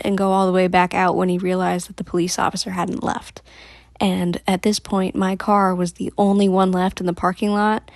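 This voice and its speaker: A woman vlogger telling a story to camera in a chatty, animated way, laughing between lines. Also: medium pitch, no room sound, studio quality.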